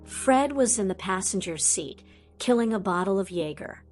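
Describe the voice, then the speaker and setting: A woman reading fan fiction aloud as an audiobook narrator, in steady storytelling delivery. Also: medium pitch, normal speed, faint music behind.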